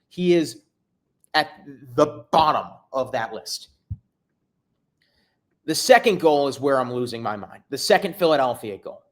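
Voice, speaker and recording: A man hosting a solo sports podcast, exasperated, swinging between low muttering and loud outbursts. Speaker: podcast host.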